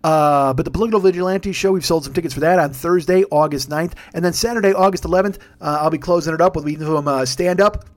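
Tired, profane comedian rambling through plugs. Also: male voice, on the high side, fast, few pauses. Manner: profane, rambling, self-mocking. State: tired, yawning. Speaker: podcast host; stand-up comedian. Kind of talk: casual late-night monologue with plugs.

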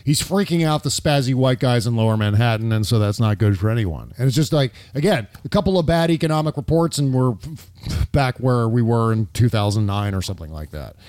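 A man's voice: mid-range voice, expressive, brisk, a little mellow, no room sound, clean studio sound. A man co-hosting a casual political chat show, blunt and sarcastic, swearing freely and talking with many fillers. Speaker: podcast co-host.

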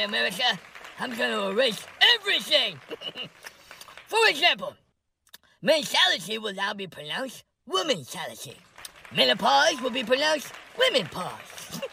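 A man's voice: very high voice, creaky, bright, forceful tone, slight background noise, heavily acted. A man voicing a bossy, giggling older woman House Speaker in a comedy parody. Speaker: parody impression of a politician.

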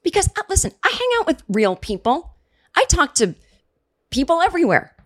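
A woman's voice: high voice, wildly swooping pitch, fairly quick. A middle-aged woman hosting a comedy podcast, delivering a sarcastic, profane comedic rant. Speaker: podcast host. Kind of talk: comedic monologue.

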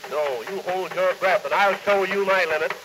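A man's voice: high-pitched, normal speed, a bit bright, dry recording, poor audio. A man acting a reckless, wisecracking motorist in an early 1900s recorded comedy sketch, with a hard-to-follow accent. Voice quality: hard to understand, with an unexplained accent. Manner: boastful wisecracking patter. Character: brash reckless male motorist joking darkly.

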